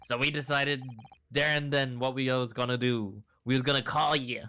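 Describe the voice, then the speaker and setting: A man's voice: medium pitch, steady tone, normal speed, bright, forceful tone, clean tone, lightly acted. A man voicing a cocky male crook, swaggering and slangy.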